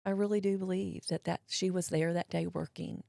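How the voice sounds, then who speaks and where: Gravelly-voiced woman telling her story. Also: fairly low pitch, moderate pace, no room sound, clean studio sound. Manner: animated storyteller acting out quotes, drawling voices. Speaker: guest. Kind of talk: personal storytelling in a podcast interview.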